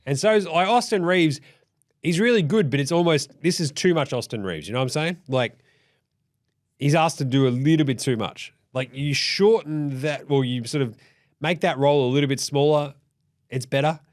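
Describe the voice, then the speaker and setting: A man's voice: a little high, normal speed. A man with an Australian accent hosting a basketball recap show, swearing freely and acting out what the players might have said. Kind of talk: casual profane game recap.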